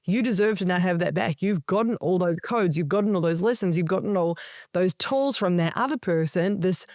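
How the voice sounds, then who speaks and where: A woman's voice: lowish voice, brisk, no echo, clean studio sound. A woman who coaches for a living, telling stories animatedly in a casual podcast chat and swearing often. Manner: animated storytelling, frequent swearing. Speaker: podcast guest, spiritual coach.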